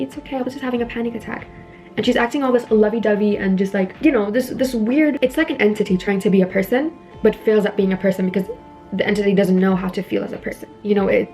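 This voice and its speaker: A woman's voice: medium pitch, warm tone. Chatty young woman recapping a film. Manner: chatty, retelling scenes with quoted lines. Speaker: vlogger. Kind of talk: casual movie recap while doing makeup.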